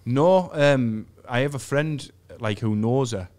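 A man's voice: mid-range voice, slow pace, darkish tone. A young man, a comedian, telling a sweary story in a casual chat, with frequent restarts. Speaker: comedian guest. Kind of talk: casual anecdote.

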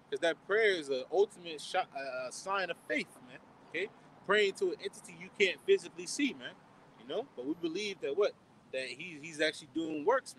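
A man's voice: on the high side, fairly bright tone, a little hiss or hum, rough recording. Preacher tacking "man" onto every line. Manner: calls out "man" and "okay?" after nearly every line; asks questions and answers them himself. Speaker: preacher leading a street Bible study. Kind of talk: informal outdoor Bible teaching.

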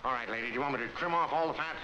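A man's voice: mid-range voice, rapid-fire, lo-fi sound, noisy background. Wisecracking man, old echoey film soundtrack. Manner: brash wisecracking patter. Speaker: comic playing a surgeon. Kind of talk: 1940s slapstick film comedy.

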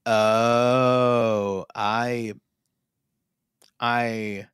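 A man's voice: medium pitch, flat delivery, extremely slow, fairly bright tone, clear, resonant tone, no echo, clean studio sound. A man co-hosting a live improvised comedy stream, hesitant and full of fillers and restarts, talking into a desk mic. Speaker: co-host.

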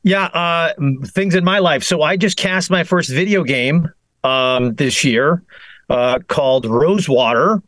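A man's voice: on the high side, unhurried, fairly bright tone, no room sound. A man, a voice actor and audiobook narrator, chatting casually on a video call panel with many fillers and restarts.

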